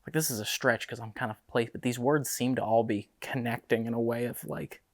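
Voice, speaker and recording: Man, paranormal investigator, speaks at an average pitch, muses and laughs easily, recorded indoors in an old house. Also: steady tone, fairly quick. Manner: musing, questions spirits aloud, laughs easily. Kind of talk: ghost-hunting session talk. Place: inside an old house, in a room.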